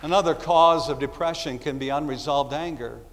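A man's voice: a little high, normal speed, a bit bright, a faint crowd, a little hiss or hum. A man preaching a sermon in a conversational style, acting out little voices as asides. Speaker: pastor. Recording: long hall reverb.

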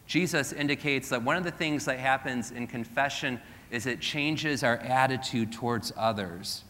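Bright-voiced pastor preaching in a reverberant hall. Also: male voice, mid-range voice, moderate pace. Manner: self-deprecating humor, rhetorical questions to congregation. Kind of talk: sermon.

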